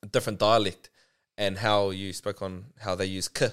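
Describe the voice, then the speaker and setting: A man with a New Zealand accent, co-hosting an easygoing chat and quick to laugh. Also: on the low side, little pitch movement, fairly bright tone, clean tone. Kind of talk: casual chat.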